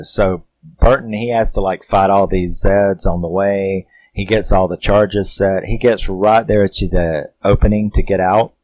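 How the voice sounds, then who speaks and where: Man, deep voice, rambling and profane plot recap for a horror film review. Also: darkish tone, low-quality recording. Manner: rambling and profane, with many fillers.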